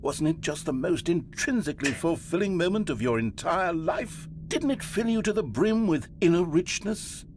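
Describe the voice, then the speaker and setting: A man's voice: on the high side, animated, moderate pace, hardly any pauses, darkish tone, a little hiss or hum, natural voice. An actor voicing a pleading, wounded narrator figure in a video game, his lines played from the game. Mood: gushing. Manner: pleading, sorrowful, then gushing. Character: British male narrator, pleading, wounded, fussy.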